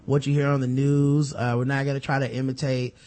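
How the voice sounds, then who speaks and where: A man's voice: mid-range voice, level tone, a little fast, darkish tone. A man hosting a podcast in casual chat, rambling loosely with fillers and cursing freely. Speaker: podcast host.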